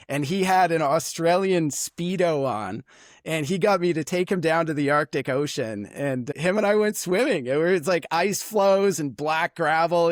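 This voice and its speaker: A man's voice: medium pitch, no echo, clean studio sound. A man from Canada, a former tour leader, telling travel stories in a casual interview with lots of fillers. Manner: animated, chatty, lots of fillers.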